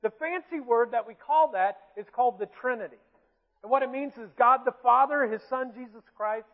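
High-voiced Southern pastor in an echoing hall. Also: male voice. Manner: conversational preaching, asks the congregation questions, light self-mocking asides. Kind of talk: sermon. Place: church sanctuary. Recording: tinny phone-like sound with long hall reverb.

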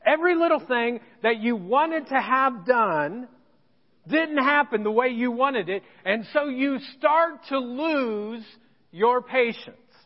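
A pastor telling a personal story in a sermon, with self-deprecating humor. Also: male voice, very high voice, lively intonation, takes it slowly, long reverb tail, dull audio. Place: church sanctuary.

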